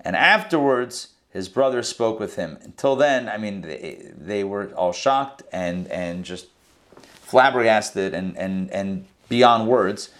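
A man teaching a scripture lesson verse by verse, in a conversational way with quick asides and restarts. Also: fairly low pitch, lively intonation, fairly bright tone. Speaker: Torah teacher. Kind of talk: casual verse-by-verse Bible lesson.

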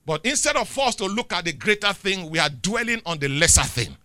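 A middle-aged Nigerian man preaching a sermon, swinging between loud declarations and quiet asides. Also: high-pitched, sing-song, fairly quick, dry recording, studio quality.

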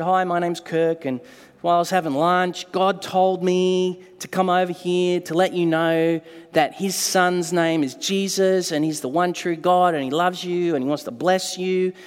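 Man, pastor, sermon, animated storytelling, high voice, long hall reverb. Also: moderate pace, clean tone. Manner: animated storytelling with acted-out quotes.

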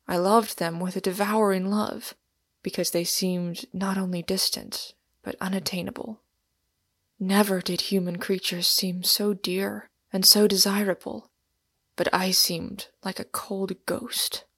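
A woman voicing a solemn, weary male pilgrim in an audiobook reading, speaking gravely and often half-whispering. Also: medium pitch, flat delivery, unhurried, fairly bright tone, no room sound, studio quality. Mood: sorrowful.

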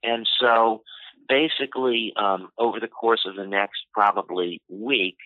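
A man telling a personal story in an interview, unhurried and full of "you know" fillers. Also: fairly low pitch, steady tone, no echo. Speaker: interview guest. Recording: tinny phone-line audio, dry.

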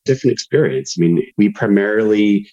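A man, a payments business guest on a podcast, explaining his company's work in a steady way. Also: on the low side, brisk, muffled recording. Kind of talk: conversational business talk.

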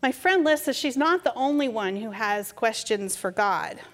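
Gentle middle-aged woman preaching. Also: on the high side, expressive. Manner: gentle, conversational, unhurried. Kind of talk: storytelling sermon. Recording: reverberant hall.

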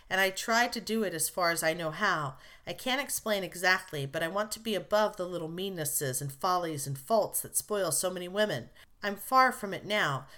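A woman's voice: fairly low pitch, bright, forceful tone. A woman reading as an earnest, refined young girl. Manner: earnest, measured.

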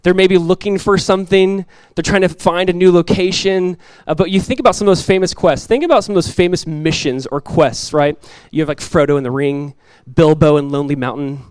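A man in his thirties, a pastor giving a sermon in a relaxed, conversational way, telling stories with asides. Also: fairly high pitch, brisk, hardly any pauses, smooth, dry recording, low-quality recording. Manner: conversational, animated storytelling with asides.

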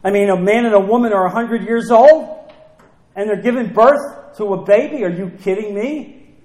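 Emphatic high-voiced preacher, echoey room. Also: male voice, a little mellow. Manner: emphatic preaching, repeats key phrases, slows for scripture. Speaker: pastor. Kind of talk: sermon.

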